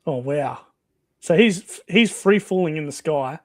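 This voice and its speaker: A man's voice: a little high, animated, unhurried, no echo. A man hosting a casual comic read-along, chatty and laughing often. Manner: chatty, laughs often, voice rises and falls a lot. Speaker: host.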